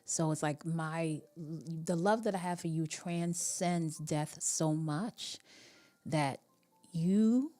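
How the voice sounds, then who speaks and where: Low-voiced woman coaching on relationships. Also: takes it slowly, dark tone. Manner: reflective, meandering, many fillers and restarts. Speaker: relationship coach hosting a live call-in show. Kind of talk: casual live-stream talk.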